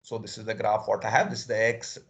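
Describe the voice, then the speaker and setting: A man's voice: fairly low pitch, flat delivery, quick pace. A male physics lecturer, teaching an online class and explaining each step over again with frequent "okay"s.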